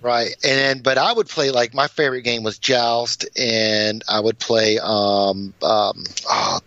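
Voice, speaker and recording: A man's voice: mid-range voice, steady tone, a little slow, sharp tone, no room sound, highs cut off. A man from New England, a guest in a casual podcast interview, talkative and easygoing. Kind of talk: casual interview over a call.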